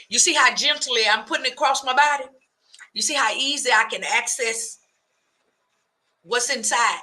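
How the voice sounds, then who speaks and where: A woman hosts a radio talk show in an animated comic rant. Her voice is very bright and forceful, and she keeps breaking into preacher-like cadences as she goes. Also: on the high side, normal speed, pauses often.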